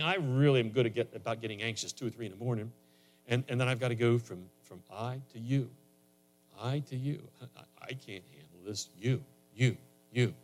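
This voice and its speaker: A man preaching a sermon in a conversational way, his voice rising higher and louder on emphatic lines. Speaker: pastor.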